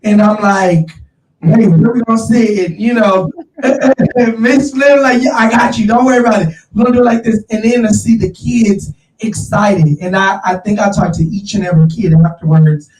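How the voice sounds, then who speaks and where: A man hosting a casual chat, talking in an animated, slangy way and calling his listeners y'all. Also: sits high, normal speed, recorded from a distance, a little hiss or hum. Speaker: show host. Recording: roomy, off-mic sound.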